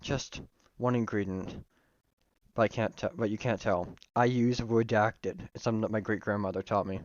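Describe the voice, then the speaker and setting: A man's voice: fairly low pitch, fairly even intonation, moderate pace, no echo, muffled recording, lightly acted. A man voicing a genteel southern old colonel, drawling and confiding, Southern US accent, dry close sound. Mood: secretive. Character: folksy southern older male chicken-restaurant colonel.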